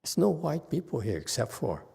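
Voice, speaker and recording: A man's voice: medium pitch, sing-song, moderate pace, vocal fry, warm tone, husky. A man as a Buddhist meditation master giving a conversational dharma lecture, checking in with his listeners often.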